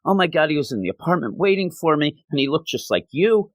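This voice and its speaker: A man voicing a frightened young woman, retelling her lines quickly in a rushed, panicky way while recapping a comic. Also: on the high side, big pitch swings, no echo, studio quality, pitched above the performer's own voice. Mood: frantic.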